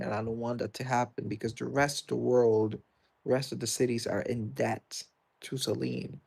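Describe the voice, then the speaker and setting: Chatty British man with a gravelly voice. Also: medium pitch, darkish tone. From Britain. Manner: rambling, reads and answers viewer comments aloud. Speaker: livestreamer. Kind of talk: casual livestream chat while gaming.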